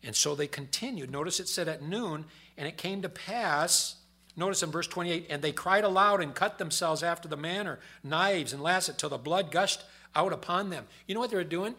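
Bright-voiced man preaching a sermon. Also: a little high, moderate pace. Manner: swings between loud emphatic reading and quiet asides. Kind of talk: sermon, reading and explaining scripture.

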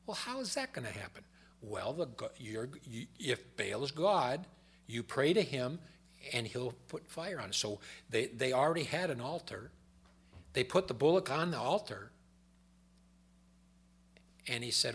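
A man preaching a sermon, reading scripture aloud with loud emphasis and dropping to quiet explanatory asides. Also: medium pitch, expressive, unhurried, creaky, pauses often, husky.

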